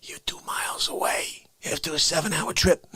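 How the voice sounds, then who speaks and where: A man voicing a raspy older Bronx tough guy who demands respect, cornering people with questions in hoarse whispers and sudden shouts. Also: on the high side, fairly even intonation, measured pace, dry recording, pitched above the performer's own voice, full character voice. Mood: menacing. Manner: menacing interrogating rants.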